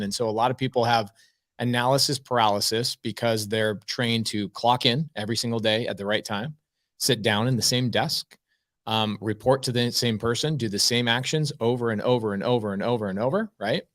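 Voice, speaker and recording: A man's voice: mid-range voice, fairly bright tone. A man co-hosting a live podcast, talking earnestly and rambling with frequent ums. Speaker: co-host. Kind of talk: casual live podcast chat.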